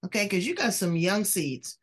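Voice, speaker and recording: A woman's voice: medium pitch, sing-song, moderate pace, breathy edge. An older woman hosting a talk show, chatting in a frank, folksy way with casual swearing. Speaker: host. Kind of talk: casual interview chat.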